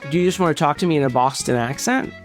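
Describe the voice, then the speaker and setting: A man's voice: a little high, quick pace, faint music behind. A man co-hosting a comedy podcast, riffing sarcastically in casual chat. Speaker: podcast co-host.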